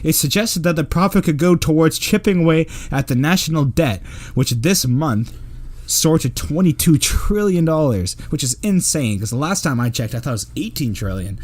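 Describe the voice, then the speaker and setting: A Canadian man co-hosting a podcast, joking and animated in casual chat. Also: fairly high pitch, moderate pace. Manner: joking, animated, bursts of silly voices. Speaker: podcast co-host.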